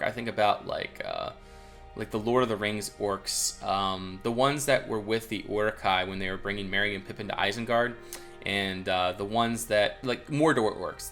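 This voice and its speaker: A young man rambles casually about a video game build as a reviewer, full of fillers and restarts. His voice is fairly low in pitch and a bit bright.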